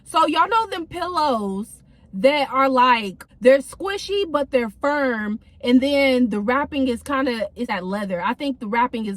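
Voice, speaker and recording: A young woman with a slightly high voice tells a story in a chatty, slangy way, packed with fillers. She talks casually to her viewers while sitting in her car. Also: dry recording. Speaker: vlogger.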